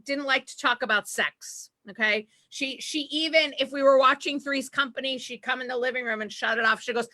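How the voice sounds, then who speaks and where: A woman's voice: high voice, fairly quick, hardly any pauses, sharp tone. A woman from Massachusetts doing a chatty stand-up comedy set on a live stream, full of fillers and asides. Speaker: stand-up comedian and show host.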